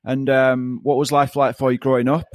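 A man hosting a podcast, friendly and relaxed, often restarting his questions. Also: mid-range voice, normal speed, no echo, clean studio sound. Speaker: podcast host. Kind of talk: casual interview.

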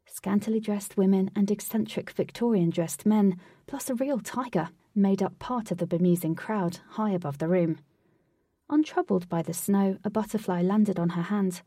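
A woman reading a story chapter aloud in a steady narrating voice. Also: mid-range voice, moderate pace, breathy edge, no echo, clean studio sound, recorded from a distance. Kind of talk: audiobook reading.

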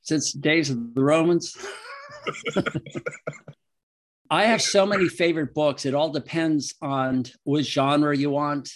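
A man's voice: fairly high pitch, takes it slowly, pauses often. A man, a veterinarian and author, answering interview questions casually with rambling, emotional anecdotes and frequent laughter.

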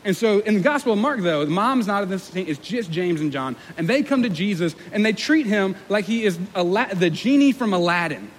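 Young guy pastor preaching, high voice, chatty and joking at himself, big echoey hall. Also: animated, a little fast, few pauses. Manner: conversational, self-deprecating, acts out quoted voices. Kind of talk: sermon. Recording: long hall reverb with faint room noise.

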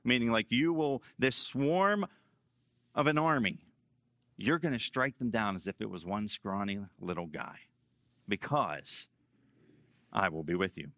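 A male pastor delivers a sermon with emphatic stresses and repeated key lines. His lowish voice has a forceful, bright edge. The sound is close and dry, with a lively sweep between loud and quiet phrases. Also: unhurried, long pauses, no echo.

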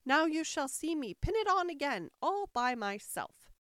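Muddled, fretful old queen who squeals high; storybook reading, dry and close. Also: big pitch swings, moderate pace, no room sound. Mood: fussing. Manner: shrill squeaky screams and fretful wailing. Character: flustered, scatterbrained old White Queen.

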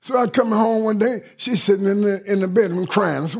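Middle-aged male preacher, husky and raspy, emphatic sermon delivery. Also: high voice, fairly even intonation, a little fast, hardly any pauses, darkish tone. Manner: emphatic and repetitive, often checking listeners are following.

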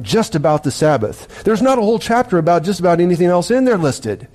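Pastor guy preaching, tells a long dream story, kinda rambly, restarts a lot, warm mellow tone. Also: high-pitched, very animated, fast talker, hardly any pauses.

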